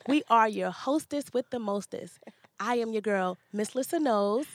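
A woman co-hosting a podcast in a casual chat, animated and playful, sometimes dropping to a hushed aside. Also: a little high, normal speed, dry recording. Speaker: podcast co-host.

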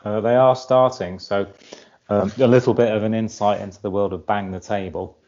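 A man's voice: fairly low pitch, fairly even intonation, normal speed, darkish tone. A man co-hosting a podcast, with a dry, wry sense of humor. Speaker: podcast co-host. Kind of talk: casual chat. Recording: dull lo-fi sound.

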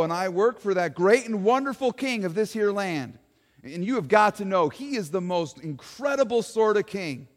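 Give me a man playing an earnest, folksy servant of a king, fairly high-voiced, with a long hall echo.

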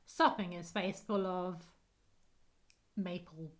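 A woman's voice: fairly low pitch, steady tone, takes it slowly. A woman chatting casually as a podcast co-host, laughing often and acting out lines from a sitcom. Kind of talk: casual chat recapping a sitcom episode.

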